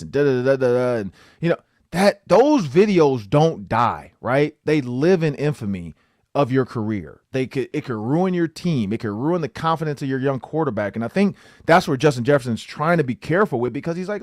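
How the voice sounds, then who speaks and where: A man's voice: a little high, animated, a little fast, dry recording, studio quality. A man hosting a sports podcast, talking loosely and animatedly with lots of filler words. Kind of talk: casual sports talk.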